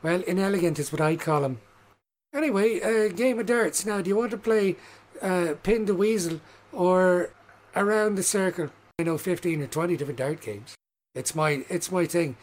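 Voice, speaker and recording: A man's voice: high voice, normal speed, voice pushed up, natural voice. A man voicing a polite female halfling who is keen on darts, with a prim manner.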